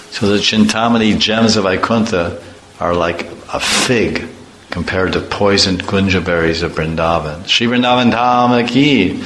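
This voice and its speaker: A man preaching an animated storytelling sermon, laughing along and chanting verses. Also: on the low side, a little slow. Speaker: preacher telling a sacred story. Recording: echoey room, faint noise.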